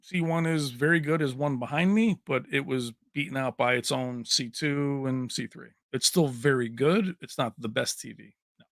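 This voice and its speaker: A man's voice: medium pitch, normal speed, gravelly, no echo, clean studio sound. A man hosting a casual tech livestream, chatting with viewers, answering their comments and laughing often.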